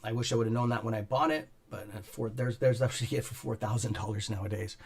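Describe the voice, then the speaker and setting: Rambling, profane livestream host, coughing often. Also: male voice, fairly low pitch, fairly even intonation, quick pace, gravelly, darkish tone. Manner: rambling, profane, greets chat viewers by name. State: clearing throat and coughing often. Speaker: stock market livestream host. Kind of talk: casual live-stream chat with viewers. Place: home studio on a top floor.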